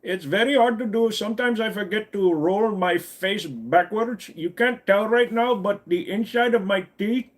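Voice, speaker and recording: A man voicing a pushy male tech-support scam caller with an Indian accent, in a high, sing-song, overly helpful manner. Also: normal speed, few pauses, natural voice. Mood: chatty.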